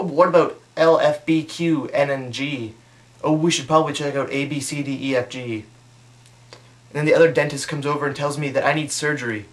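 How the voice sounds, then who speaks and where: Young man telling a comic story. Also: mid-range voice. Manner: deadpan storytelling, mocking, with put-on voices for quotes. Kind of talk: comic monologue.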